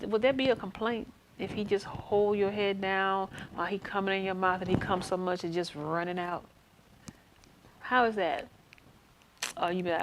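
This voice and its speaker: A woman's voice: lowish voice, vocal fry, slight background noise. A woman hosting a casual live stream, chatting frankly and answering questions from her viewers. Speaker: host.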